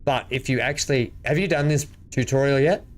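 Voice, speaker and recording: A man streaming a multiplayer game from home, excitable and chuckling as he plays and chats. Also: medium pitch, fairly quick. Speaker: gaming streamer. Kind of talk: casual multiplayer gameplay chat. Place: home room.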